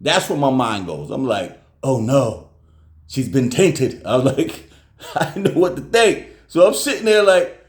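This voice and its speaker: A man's voice: fairly high pitch, normal speed, roomy sound. A man telling a casual story to his viewers at home, acting out every person's voice as he goes. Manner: animated, acts out everyone's voices. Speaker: vlogger.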